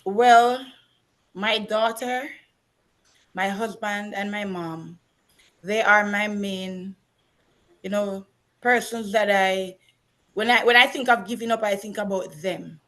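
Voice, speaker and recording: A woman's voice: mid-range voice, fairly even intonation, takes it slowly, long pauses, a bit bright. A woman from Jamaica with a Jamaican accent, a teacher speaking earnestly as a guest in a casual interview.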